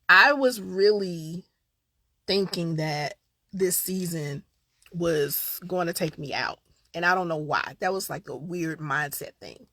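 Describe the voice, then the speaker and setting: A woman's voice: fairly low pitch, creaky, pushed and bright, slightly rough, dry recording. A woman hosting a casual live-stream show, chatting candidly and directly to her viewers. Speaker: host of a live online show.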